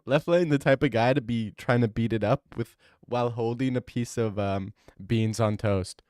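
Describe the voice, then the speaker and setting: A man's voice: medium pitch, moderate pace, darkish tone, no room sound, studio quality. A young man streaming, reading chat aloud and reacting in casual, slangy talk, often saying bro. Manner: laughing, slangy, says bro a lot.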